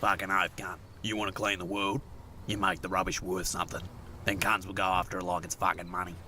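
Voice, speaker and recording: A man voicing a deep, bright crude Aussie stoner. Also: level tone, brisk, slight background noise, full character voice. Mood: musing. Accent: Australian. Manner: drawling, relentless swearing. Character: laid-back crude adult Aussie stoner bloke.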